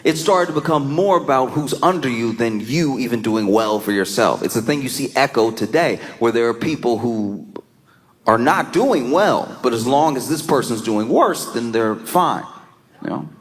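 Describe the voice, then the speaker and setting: A male comedian telling a stand-up bit with lively storytelling, laughing through his lines and jumping into quick voiced asides. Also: mid-range voice.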